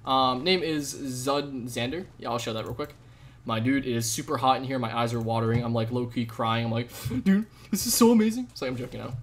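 A young man live-streaming a game, chatting with viewers in a jokey, rambling way with sudden loud outbursts. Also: medium pitch, fairly even intonation, fairly quick. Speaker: gaming streamer. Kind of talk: live gameplay commentary with chat.

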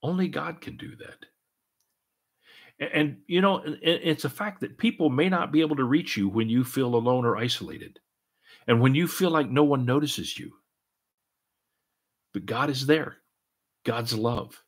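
A man's voice: mid-range voice, normal speed, pauses often. A middle-aged man preaching a sermon earnestly, full of repeats and restarts. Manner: repetitive, earnest, many restarts and "and, and". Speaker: pastor.

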